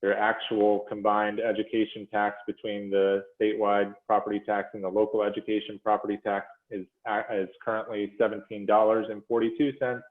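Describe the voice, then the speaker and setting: A man presenting figures to a commission in a measured, explanatory way, with frequent fillers and self-corrections, speaking over a video call. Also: lowish voice, level tone. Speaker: presenter to a school funding commission. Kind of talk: policy presentation walking through slides. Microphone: video call audio. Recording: phone-like echoey video call audio.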